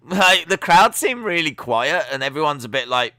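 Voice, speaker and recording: A man's voice: a little high, animated, slow pace, bright, forceful tone, no room sound, studio quality. Opinionated man commenting live. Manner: chatty, opinionated, sarcastic. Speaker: live stream watch-along host.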